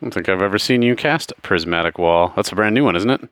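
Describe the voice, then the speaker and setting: A man's voice: deep voice, lively intonation, fast talker, a bit bright, clean tone, no echo. A man running a tabletop game as game master, casual and joking in his rulings.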